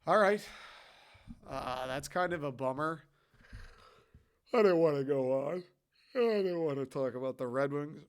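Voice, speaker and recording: A man's voice: a little high, lively intonation, measured pace, pauses often, clean tone. A young man hosting a solo podcast, rambling loosely and swearing casually. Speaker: podcast host.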